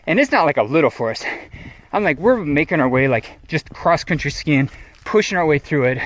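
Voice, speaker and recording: A middle-aged man telling a lively, casual story on an outdoor trail and acting out his friends' voices. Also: a little high, brisk. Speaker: trail runner vlogger. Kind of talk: casual storytelling while running. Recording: noisy outdoor recording.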